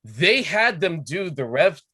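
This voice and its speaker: A man's voice: on the high side, big pitch swings, slow pace, sharp tone, breathy edge, no room sound, clean studio sound. A man moderating an online panel, eagerly explaining fan trivia over a video call. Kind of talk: casual panel chat.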